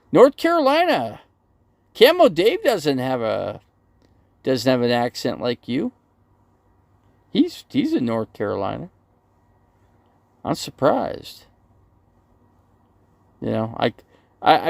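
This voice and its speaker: Gravelly, animated man livestreaming. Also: mid-range voice, dry recording. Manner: rambling, reads viewer comments aloud and answers them. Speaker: RV channel livestreamer. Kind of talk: casual live-stream chat.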